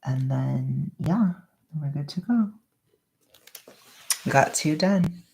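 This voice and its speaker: A young woman vlogging at home, chatting casually and rambling in a soft-spoken way while she wraps gifts. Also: low-pitched, lively intonation, slow, creaky, breathy edge.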